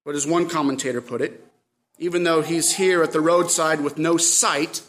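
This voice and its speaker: A man preaching a sermon, swinging from loud cries to quiet asides. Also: high-pitched. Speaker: pastor.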